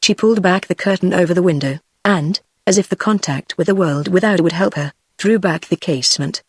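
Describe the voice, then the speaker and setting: A text-to-speech voice of a woman with a British accent, narrating an audiobook in an even, measured way. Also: lowish voice, breathy edge, dry recording, clean studio sound. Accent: British English. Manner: even, measured synthetic delivery.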